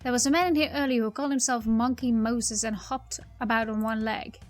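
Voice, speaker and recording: A woman's voice: fairly high pitch, steady tone, a little fast, faint music behind, lightly acted. A woman voicing a weary pub landlady who speaks in a dry, matter-of-fact way.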